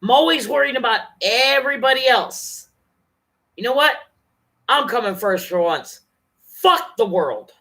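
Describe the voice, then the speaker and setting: A woman's voice: fairly high pitch, expressive, fairly bright tone. A woman venting angrily and profanely on her vlog, talking straight to her viewers. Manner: angry, profane, fast-shifting rant. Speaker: vlogger.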